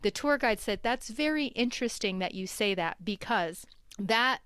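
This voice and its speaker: A woman telling a long, animated story in a casual chat, laughing as she goes. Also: a little high, normal speed, clean tone, dry recording. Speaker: guest. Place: home.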